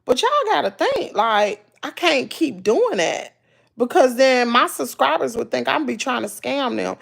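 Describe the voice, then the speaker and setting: Talking to her live chat, this Southern-accented YouTuber has a high, expressive, gravelly voice and speaks a little slowly. She's folksy and casual yet preachy, saying things twice to drive them home.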